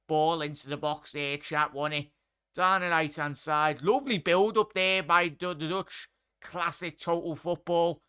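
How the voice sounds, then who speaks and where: A man's voice: fairly high pitch, pushed and bright, smooth. Chatty man commentating live football. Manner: chatty, addresses chat and viewers by name. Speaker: watchalong host.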